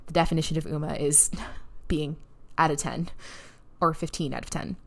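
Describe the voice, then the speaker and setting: A woman hosting her own podcast, telling a story casually and excitedly, with plenty of "like"s and a heartfelt, emotional edge. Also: sits low, moderate pace, vocal fry. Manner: excited, breathless storytelling with frequent "like" and laughs. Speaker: podcast host and neuroscientist. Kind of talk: casual solo podcast recap.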